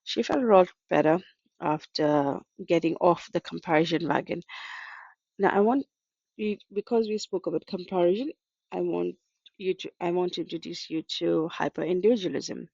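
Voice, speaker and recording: A woman's voice: on the low side, moderate pace, creaky, a little mellow, breathy edge, no echo, lo-fi sound. A woman counsellor from Australia, talking through client stories in a conversational way and acting out their lines. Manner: conversational, anecdotal, acts out client quotes. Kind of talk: talk.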